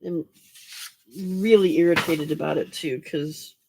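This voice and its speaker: A woman hosts a late-night crafting livestream. She sounds tired and keeps yawning, and she talks slowly in a relaxed, chatty way, greeting viewers by name as she works. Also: deep voice, creaky, noisy background. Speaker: livestream host.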